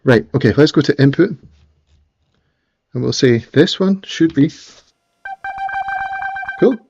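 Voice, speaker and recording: A man's voice: mid-range voice, animated, slow pace, darkish tone, highs cut off. A man with a mild Scottish accent, chatting casually and rambling as he hosts a live stream while setting up music gear. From Scotland. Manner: chatty, rambling, frequent restarts. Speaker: livestream host. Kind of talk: casual chat while working.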